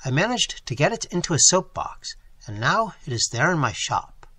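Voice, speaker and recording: A man narrating an old novel in the first person with expressive, scripted reading. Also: on the high side, moderate pace, husky, no echo. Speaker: audiobook reader.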